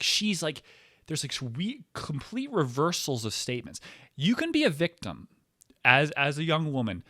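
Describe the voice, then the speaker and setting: A man's voice: mid-range voice, fairly bright tone, no room sound, studio quality. Man rambling provocatively as podcast host. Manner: rambling and provocative, heavy use of "like". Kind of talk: casual comedic podcast monologue.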